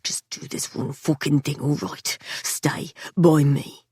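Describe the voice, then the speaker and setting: A woman voicing a brooding, gruff young man who talks low and half-whispered. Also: fairly even intonation, takes it slowly, darkish tone, no echo, studio quality, full character voice.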